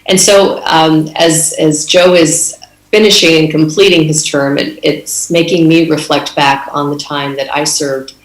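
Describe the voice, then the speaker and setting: A woman's voice: deep voice, steady tone, a little slow, echoey room, low-quality recording. A middle-aged woman from Canada telling a story in an earnest conference speech, with fillers and restarts. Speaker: conference speaker.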